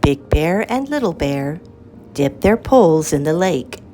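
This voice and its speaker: Woman storyteller for kids: low, lively, unhurried, reading aloud over faint music. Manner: slow, lilting, expressive read-aloud. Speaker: children's storyteller. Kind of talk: reading a picture book aloud.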